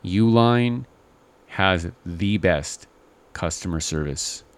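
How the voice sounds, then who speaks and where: A low-pitched man talks casually on a podcast, rambling through his thoughts with plenty of fillers. He leans on "you know" and "right?" and slips into animated impressions of the people he describes. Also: slow pace. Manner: animated, mimics call-center agents in exaggerated voices. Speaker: podcast co-host. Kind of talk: casual chat.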